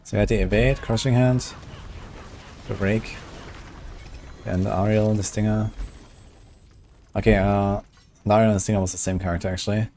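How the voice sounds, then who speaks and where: A man's voice: on the low side, fairly even intonation, moderate pace, pauses often, dark tone, slight background noise. A man casually chatting and thinking aloud while he streams a game. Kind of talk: casual gameplay commentary.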